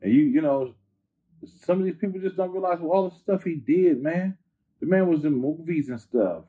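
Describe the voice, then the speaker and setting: A man's voice: fairly high pitch, normal speed, breathy edge. Slangy California man on a tinny line. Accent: Northern California. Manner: animated, slangy, repeats phrases for emphasis. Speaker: rapper guest. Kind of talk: casual interview chat.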